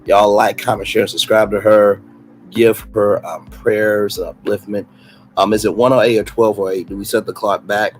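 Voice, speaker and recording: A man's voice: lowish voice, normal speed, faint music behind, poor audio. A man with a Southern US accent hosting a late-night livestream, chatting sassily and reading comments aloud. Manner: animated, sassy, reads chat comments aloud. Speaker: livestream host.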